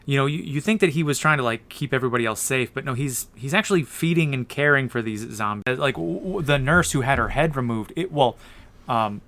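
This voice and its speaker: Man, podcast co-host, bright tense tone, rambling, casual film chat. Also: mid-range voice, animated, a little fast. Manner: rambling, restarts, lots of "like".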